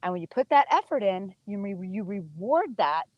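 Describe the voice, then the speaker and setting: A woman's voice: medium pitch, big pitch swings, moderate pace, dry recording, highs cut off. A woman horse trainer teaching casually while she works a horse, chatting to the viewers and coaxing the horse with praise.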